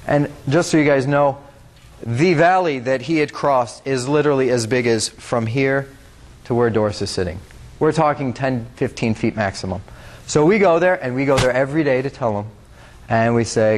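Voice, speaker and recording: A man's voice: mid-range voice, normal speed. Young man telling a story to an audience. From United States. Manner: earnest, conversational, talks to the audience directly, with frequent fillers. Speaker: guest speaker. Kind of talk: public talk with storytelling.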